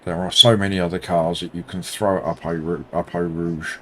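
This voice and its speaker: A man streaming a sim race, commenting live and bantering with viewers in an excitable, self-mocking way. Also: low voice, fairly quick. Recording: loud racing game engine noise behind.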